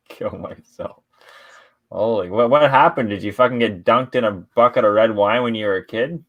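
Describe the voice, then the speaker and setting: A fairly low-pitched man from Canada hosts a casual podcast chat. He is laid-back and swears freely, and he often breaks into laughter. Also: a little slow, pauses often, lo-fi sound. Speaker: podcast host.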